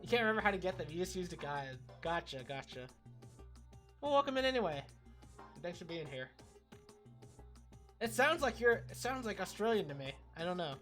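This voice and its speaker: A woman's voice: fairly low pitch, very animated, fairly quick, long pauses, a bit bright, faint music behind. A woman streamer chatting casually through a game, greeting chat and reacting with amusement. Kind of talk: casual gameplay commentary.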